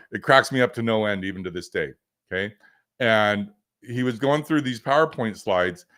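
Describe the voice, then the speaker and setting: A man's voice: medium pitch, a bit bright. A man hosting a livestream as a business coach, teaching in a casual, rambling way with many fillers and joking asides.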